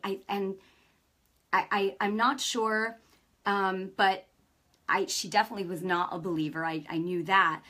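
A woman's voice: medium pitch, normal speed, pushed and bright. A woman preacher hosting her own broadcast, talking informally and enthusiastically, telling stories and acting out the dialogue. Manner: enthusiastic, chatty, acts out quoted dialogue.

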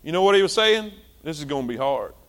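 A male pastor, preaching a sermon with passion, repeating himself and swinging between loud and soft. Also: fairly high pitch, lively intonation, fast talker.

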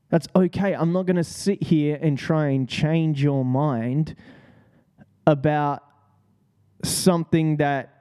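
Slow, mellow-voiced man. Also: fairly high pitch, smooth. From Australia. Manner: laid-back, profane, rambling with fillers and laughs. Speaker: podcast host. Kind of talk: casual solo podcast talk.

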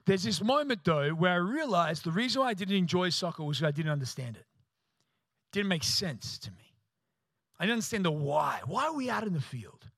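A man's voice: high voice, big pitch swings, brisk, a bit bright, no room sound. A man preaching a sermon, telling a self-mocking comic story and acting out other people's voices. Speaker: pastor.

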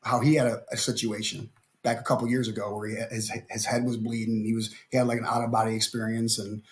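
A man's voice: fairly low pitch, flat delivery, fast. A middle-aged man from Ohio, a podcast guest telling a story animatedly with stammering restarts. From Ohio, USA. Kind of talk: conversational interview.

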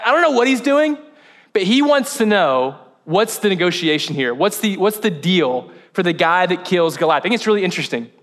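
Male pastor, high voice, relaxed talky sermon, tosses questions to the congregation. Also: brisk. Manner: casual and chatty, asks the congregation questions. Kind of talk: conversational sermon. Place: church service.

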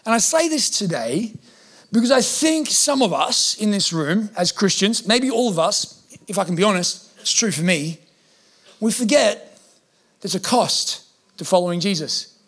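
A man's voice: sits high, lively intonation, unhurried, fairly bright tone. A man preaching a sermon as a pastor, humorous and acting out the voices he quotes. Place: church hall with congregation.

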